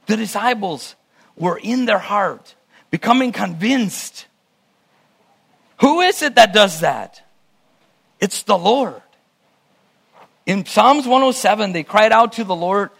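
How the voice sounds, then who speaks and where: High, lively male preacher. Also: slow pace, creaky, long pauses, husky. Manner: reads scripture aloud, then muses in restarts. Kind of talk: sermon Bible teaching.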